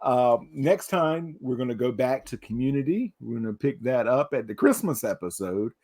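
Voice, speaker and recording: A man's voice: mid-range voice, animated, normal speed, a little mellow. A man co-hosting a podcast in casual chat, with a wry, self-deprecating humor. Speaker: podcast co-host.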